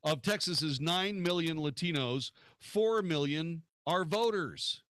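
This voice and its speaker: Combative talk radio host, dry sound. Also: male voice, fairly high pitch, lively intonation, slow pace, fairly bright tone, no echo. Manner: combative, rhetorical questions.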